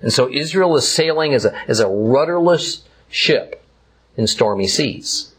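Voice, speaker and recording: A male Bible teacher giving a verse-by-verse lesson, explaining in a deliberate, emphatic way. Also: medium pitch, expressive, breathy edge.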